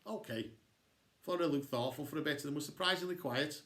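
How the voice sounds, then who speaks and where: A man reading a children's novel aloud, expressive and switching into character voices. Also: fairly high pitch, fast talker. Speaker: storybook reader. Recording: echoey room.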